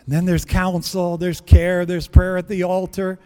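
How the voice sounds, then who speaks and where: High-voiced preacher in a reverberant church. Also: male voice, monotone, unhurried, darkish tone, clear, resonant tone, soft background music. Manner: earnest preaching, acts out prayers and dialogue. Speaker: pastor. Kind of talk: sermon.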